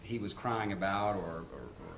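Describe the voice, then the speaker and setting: A man's voice: low-pitched, lively intonation, normal speed, a bit bright, slight background noise. A man, a prosecutor, questioning a witness in court with methodical, leading questions.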